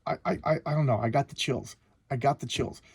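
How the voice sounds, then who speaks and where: Hoarse, husky man rambling about comics. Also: medium pitch, fairly quick, no echo. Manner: rambling, stammering restarts. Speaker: comic book reviewer. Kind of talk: casual commentary.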